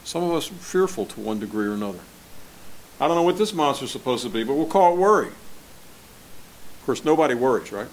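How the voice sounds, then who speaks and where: A man's voice: mid-range voice, very animated, quick pace. Conversational male pastor preaching. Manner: conversational, asks the congregation questions. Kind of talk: sermon.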